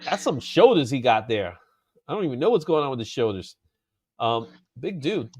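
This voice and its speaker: A man hosting a casual comic book chat, animated and laughing often, drawing out his exclamations. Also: mid-range voice, normal speed, dry recording, clean studio sound. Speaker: comic book show host.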